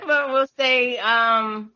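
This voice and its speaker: A woman hosting a casual podcast chat, talkative and quick to laugh. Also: a little high, steady tone, pushed and bright. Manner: chatty, laughs often. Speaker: podcast host. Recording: dull lo-fi sound.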